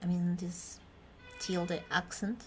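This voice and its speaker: Slow-speaking woman teacher. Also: lowish voice, flat delivery, darkish tone, faint music behind. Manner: chatty, self-correcting, laughs between points. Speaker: Spanish teacher. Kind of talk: informal language lesson.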